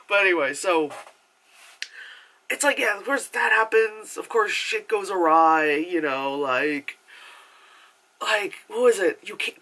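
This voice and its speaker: High-pitched, pushed and bright, this man's voice carries a rambling, chatty movie review. Profanity and filler words pile up as he mimics the characters' lines in over-the-top voices.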